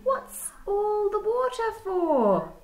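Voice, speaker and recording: Storybook platypus, male, know-it-all, squeaky high, played by a woman. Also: very animated, slow pace, a little mellow, reverberant, heavily acted. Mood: advising.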